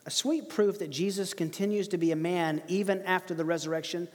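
High voiced guy preaching, animated, laughs a lot, big echoey sanctuary. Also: brisk. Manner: animated, laughs often, emphatic quotes. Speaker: pastor. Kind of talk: expository sermon.

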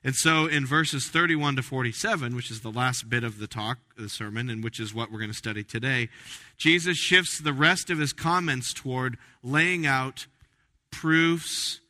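A man's voice: mid-range voice, normal speed. Emphatic male pastor preaching in a hall. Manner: animated, emphatic preaching with restarts. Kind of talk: sermon. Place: church sanctuary. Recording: reverberant church hall.

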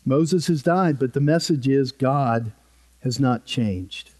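A man's voice: medium pitch, slow, darkish tone. A man preaching a sermon as a pastor, earnest and emphatic, repeating key phrases for weight.

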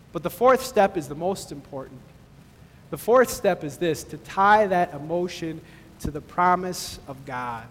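A man preaching a sermon as pastor, speaking emphatically and rising to excited bursts. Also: high voice. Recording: long reverb of a large hall.

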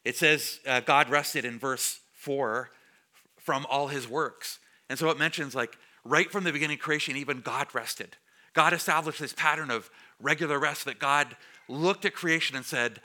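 Bright-voiced pastor preaching conversationally. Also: male voice, on the high side, moderate pace. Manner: conversational, jokes with the congregation. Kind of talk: sermon. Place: church before a congregation.

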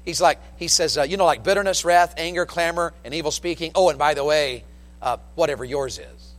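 High-voiced folksy preacher in a church hall. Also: male voice, brisk. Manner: animated storytelling preacher, down-home and folksy. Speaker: pastor. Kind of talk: sermon. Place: church sanctuary with long reverb. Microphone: pulpit microphone.

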